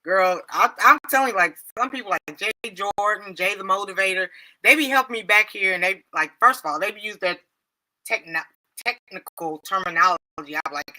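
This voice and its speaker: Lady host chatting on a livestream, super bright voice, laughs a lot. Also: medium pitch, normal speed, rough recording. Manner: laughs a lot, frank and joking. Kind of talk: casual livestream chat.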